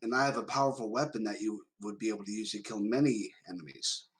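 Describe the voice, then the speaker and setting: A man's voice: lowish voice, fast, slightly rough. A man playing a tabletop game, stating his moves in a matter-of-fact way. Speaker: player.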